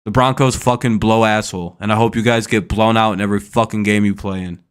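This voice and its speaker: A man's voice: lowish voice, steady tone, fast, clear, resonant tone. A young man hosting a casual live stream, first reading news, then ranting in an irritated, profane way at a viewer in the chat. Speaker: streamer host.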